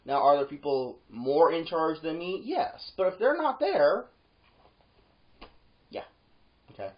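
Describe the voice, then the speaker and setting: A security guard tells a workplace story in a loose, casual monologue. The pitch swings up when the story gets heated and drops low for the asides. The recording sounds dull and lo-fi. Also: expressive, slow. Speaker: yard gate security guard.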